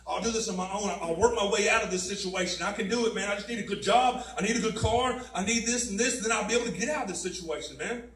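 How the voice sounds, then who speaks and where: A man with a high, fairly bright voice talks fast and barely pauses as he gives a personal testimony at a mission. He speaks conversationally, often dropping in "man" and "you know what I mean." He's recorded from a distance in a roomy mission chapel, so the hall echoes.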